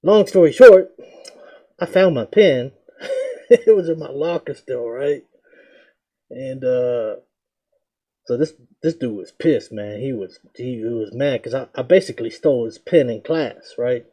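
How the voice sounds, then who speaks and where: A young man casually telling a story about his school days, slangy and animated, jumping into a higher voice to act out what people said. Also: a little slow, pauses often. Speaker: reaction video host.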